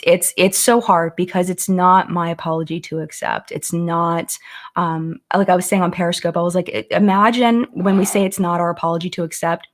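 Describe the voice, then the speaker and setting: On a relaxed beauty live stream, a woman with a slightly low voice chats with viewers, reading out their comments and thanking them by name. She grows earnest and reflective, restarting sentences often as she works through her points.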